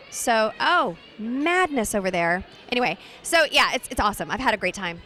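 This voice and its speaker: A woman voice actress chatting in a bubbly, animated way during a convention interview. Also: a little high, moderate pace, hardly any pauses. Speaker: voice actress guest. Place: busy convention floor.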